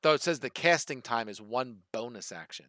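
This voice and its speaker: Dungeon master, male, philly accent, bright and crisp, dry close sound, rules read aloud. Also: medium pitch, animated, a little fast, no room sound. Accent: Philadelphia. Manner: thinking aloud while reading rules. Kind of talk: running an online tabletop game.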